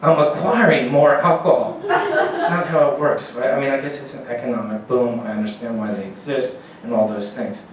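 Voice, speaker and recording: A man's voice: medium pitch, moderate pace, a little hiss or hum. A man doing a rambling, profane stand-up comedy set on a comedy club stage, laughing at his own jokes. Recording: very echoey room, distant mic, faint ambience.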